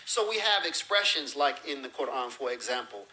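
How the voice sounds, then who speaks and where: A man's voice: medium pitch, big pitch swings, moderate pace, sharp tone, low-quality recording. A man lecturing as a religious teacher, explaining terms with everyday examples and acted-out phrases.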